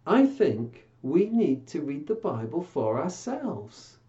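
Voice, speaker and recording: A children's church presenter reading a Bible passage and then chatting playfully with puppets, coaxing and gently scolding them. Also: mid-range voice, big pitch swings, slow, lo-fi sound.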